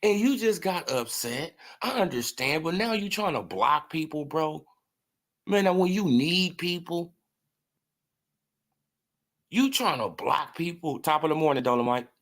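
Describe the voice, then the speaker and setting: With an expressive, slightly bright voice on the high side, this man talks a little slowly and pauses often. He's running a laid-back boxing commentary stream, cursing, mocking, laughing a lot and responding to chat.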